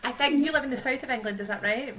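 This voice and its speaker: A woman's voice: high-pitched, rapid-fire, a bit bright, slight background noise, rough recording. A woman with a Scottish accent hosting a podcast interview, friendly and laughing along with her guest. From Scotland. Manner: friendly, laughs along, reads intro carefully. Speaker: podcast host.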